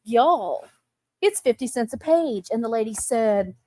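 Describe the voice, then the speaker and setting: Texan lady chatting on a livestream, bit higher voice, laughs a lot, dry close sound. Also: animated, measured pace, warm tone, dry recording. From Texas. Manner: chatty, laughs often, greets viewers. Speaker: livestream host. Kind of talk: casual live chat.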